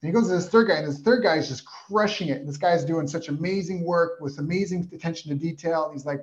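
A man's voice: fairly high pitch, fast talker, hardly any pauses, lo-fi sound. A man telling a story in a casual conversation, rambling and enthusiastic. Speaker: interview guest.

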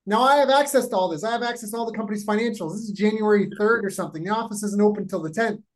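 A man from Canada, a guest telling a long anecdote in a lively, rapid, casual way. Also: high voice, poor audio. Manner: animated, rapid, acts out voices in anecdotes. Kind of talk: casual storytelling.

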